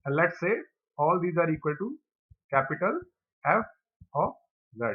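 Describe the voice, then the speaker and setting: Male tutor, somewhat high voice, methodical step-by-step lecture, tinny phone-like audio. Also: normal speed, husky. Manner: steady, methodical step-by-step explaining. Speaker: teacher. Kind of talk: exam problem lecture.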